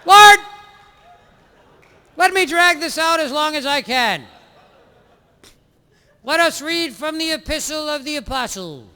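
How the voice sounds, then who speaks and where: Picture a pompous male priest chanting each line in a high, bright, strained wail and stretching "Lord" out forever. He is droning and nasal, with a clipped, froggy edge. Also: lively intonation, slow pace, pauses often, heavily acted. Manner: high sustained singsong chant. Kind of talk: stand-up character bit.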